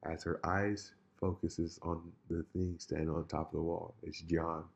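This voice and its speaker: Low-voiced man rambling through a story. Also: unhurried, creaky, dull audio. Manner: rambling, animated storytelling with frequent restarts. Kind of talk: casual chat.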